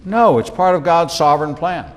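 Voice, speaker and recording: A rabbi teaching the Bible in sermon style, with animated delivery, repeated phrases for emphasis and humorous asides. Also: male voice, on the high side, moderate pace, big-room sound.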